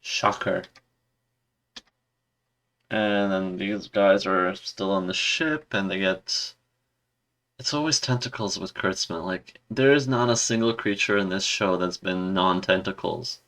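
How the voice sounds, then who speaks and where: A man's voice: sits low, steady tone, measured pace, fairly bright tone. A man giving a casual, rambling review in a sarcastic, exasperated tone. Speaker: video reviewer.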